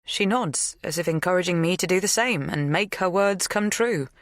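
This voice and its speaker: A woman reading a thriller audiobook in measured, scripted first-person narration. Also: on the low side, no echo, clean studio sound.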